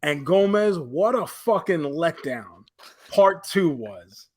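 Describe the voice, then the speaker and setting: A man co-hosting a pop-culture podcast, his voice sitting noticeably high. He tells stories with an animated, profane energy, slipping into quoted voices to act out scenes. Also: takes it slowly. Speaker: podcast co-host. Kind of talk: casual chat.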